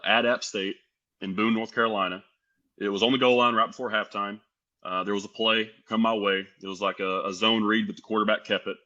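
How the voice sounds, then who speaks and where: Podcast guest: young American man, low voice with a bright forceful edge, animated storyteller. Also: lo-fi sound. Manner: animated, lively storyteller acting out quotes. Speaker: podcast guest, pro wrestler. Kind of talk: casual storytelling.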